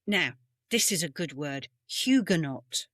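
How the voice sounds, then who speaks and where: A British woman from England with a deep, expressive, somewhat bright voice speaks unhurriedly while co-hosting a podcast over a video call from a home room. She tells history tales in a casual, meandering, self-correcting way. It's captured on a webcam mic yet sounds studio quality with no echo.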